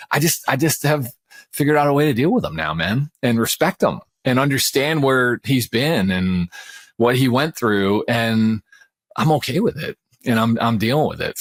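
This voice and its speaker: A man's voice: lowish voice, no echo. Guy in his 40s rambling thru a personal story, keeps restarting, "man" this "dude" that, dry close sound. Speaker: podcast co-host. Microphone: remote call.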